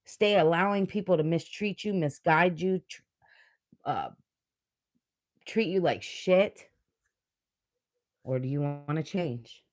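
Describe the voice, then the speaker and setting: A woman reading tarot cards on a livestream, with a slightly low voice and an unhurried, deliberate pace. She talks bluntly and earnestly, cursing freely as she pushes the listener to change. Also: darkish tone. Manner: blunt, profane, motivational; earnest, emotional. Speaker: tarot reader.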